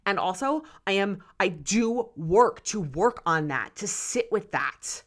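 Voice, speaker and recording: A woman's voice: mid-range voice, animated, takes it slowly. Impassioned woman hosting a solo podcast. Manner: impassioned, candid, swearing. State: close to tears. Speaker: podcast host.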